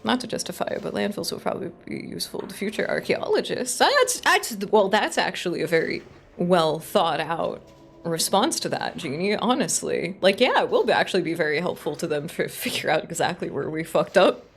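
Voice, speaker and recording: A woman streaming a video game, chatting casually with quick, profane, joking asides and frequent laughter. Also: lowish voice, sing-song, gravelly, a little hiss or hum.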